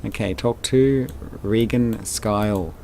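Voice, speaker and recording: A man's voice: lowish voice, slow pace, creaky, dark tone, slight background noise. A man hosting a casual let's play, narrating his gameplay in a rambling way with plenty of fillers. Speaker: game channel host.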